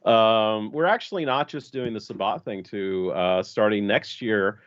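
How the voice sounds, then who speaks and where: A man's voice: on the low side, measured pace, fairly bright tone, dry recording, highs cut off. A man from an American region with many Spanish speakers, chatting casually as a podcast guest and rambling with restarts and fillers. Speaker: LARP designer and organizer, podcast guest.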